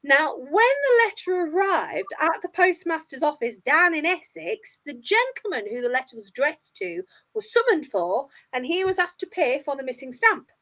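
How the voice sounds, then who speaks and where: A woman's voice: high voice, sing-song, moderate pace, hardly any pauses, sharp tone. A woman tour guide telling a history story in a jokey, self-mocking casual chat, a little tipsy. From England.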